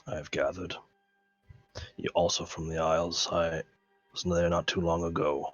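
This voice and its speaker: A grave, solemn champion of a goddess, as a man voices him in a tabletop game. His voice is very deep and husky, and he chooses his words slowly. The recording sounds dull and muffled. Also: little pitch movement, faint music behind. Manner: slow, solemn, halting in-character speech. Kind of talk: tabletop role-play voice acting.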